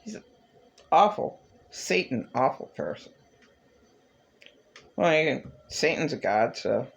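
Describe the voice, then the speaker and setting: A man delivering a rambling, agitated religious monologue to camera, bitter and ranting, with sudden leaps in pitch. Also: very animated, slow, vocal fry, fairly bright tone, muffled recording. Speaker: vlogger.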